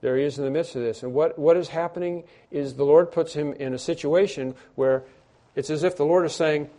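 A man preaching a sermon, telling a story earnestly, with hushed stretches and emphatic lines, and often repeating or restarting words. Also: fairly high pitch, brisk.

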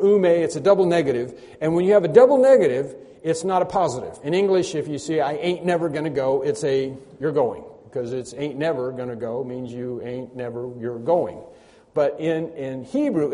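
A man's voice: on the high side, fairly quick, dark tone. A male pastor preaching a sermon, stressing and repeating key phrases with rising force. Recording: long hall reverb.

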